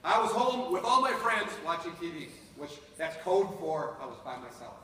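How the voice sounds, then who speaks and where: Lively storyteller guy in his 50s talking to a crowd, big reverb, mic far off, faint room hum. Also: on the high side, normal speed. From North Dakota. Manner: animated, addresses the audience directly. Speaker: speaker telling a personal story to an audience. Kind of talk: live storytelling. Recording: echoey hall from far off.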